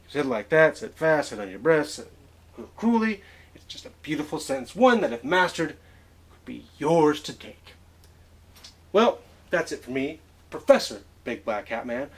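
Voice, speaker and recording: A man's voice: medium pitch, husky. A man giving a mock-pompous comic lecture in an exaggerated professor voice. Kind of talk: mock classroom lesson.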